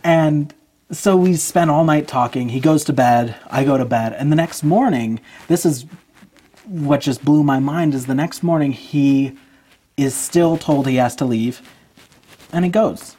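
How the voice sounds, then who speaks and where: A man's voice: fairly high pitch, measured pace, mellow. A man in his twenties, a podcast guest, earnestly telling a personal story.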